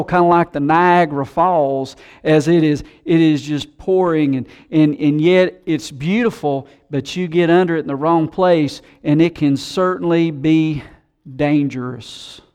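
A man preaching a sermon, animated, who acts out the voices of scoffers he quotes. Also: a little high, clear, resonant tone. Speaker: pastor.

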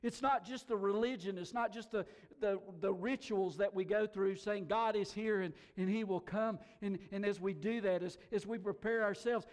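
A man preaching a sermon to a congregation, telling the story dramatically, dropping to hushed whispers and rising to shouts, often repeating words as he restarts. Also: high-pitched, fairly even intonation, normal speed. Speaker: pastor. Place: church hall, also broadcast on air.

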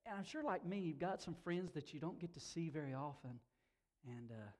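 A middle-aged pastor preaches a sermon full of personal stories, warm and laugh-filled, building to emotional, emphatic peaks. His voice is fairly high and expressive, and he talks a little fast.

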